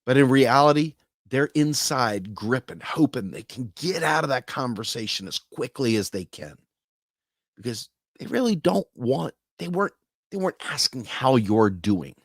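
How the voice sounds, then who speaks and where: A male host speaks casually to camera in a medium-pitched, expressive voice at normal speed, recorded clean in a studio with no room sound. He is earnest and plain-spoken, now and then acting out the voices of people he quotes.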